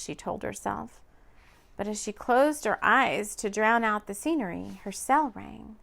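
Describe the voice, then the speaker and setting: A woman narrating a romance audiobook in an expressive, lively reading. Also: mid-range voice, unhurried, vocal fry.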